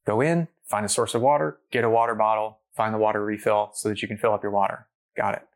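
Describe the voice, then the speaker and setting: A man's voice: lowish voice, quick pace. A man telling a long personal story in casual conversation, full of fillers, acting out what people said. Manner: animated storyteller, many fillers, acts out quotes.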